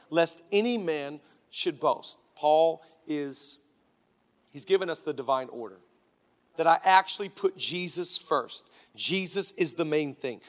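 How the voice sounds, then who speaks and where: Male pastor, high tenor, preaching with fervor, big reverberant church sound. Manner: fervent preaching, alternating loud exhortation and quiet emphasis. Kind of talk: sermon. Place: church auditorium. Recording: reverberant large church hall.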